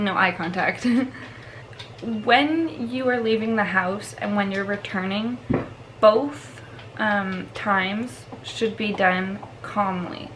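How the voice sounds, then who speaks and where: A woman's voice: mid-range voice, fairly bright tone, rough recording. Woman, dog trainer, casual vlog, chatty with fillers, slight noise behind. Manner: chatty, laughs often, filler-heavy.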